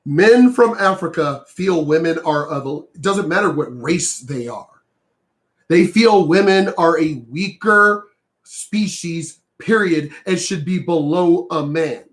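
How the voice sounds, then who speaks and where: Host, male, high-pitched, angry profane ranter, raises voice to a shout at times. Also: slow pace. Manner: heated, profane, emphatic, sometimes shouting. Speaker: reaction commentator. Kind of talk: ranting reaction commentary.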